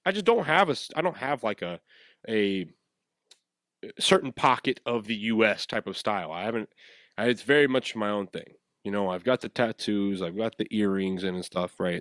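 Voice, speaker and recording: Speaking in a fairly low voice, a young man from the West Coast of the USA tells a rambling story on his podcast. He is animated and acts out quotes, and the studio sound is clean with no room sound.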